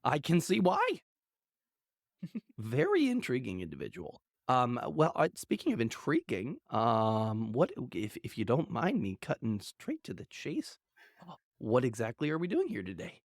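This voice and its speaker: A man voicing a polite gentleman guest who probes with formal, courteous phrasing. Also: medium pitch, wildly swooping pitch, a little slow, no room sound, clean studio sound, exaggerated voice.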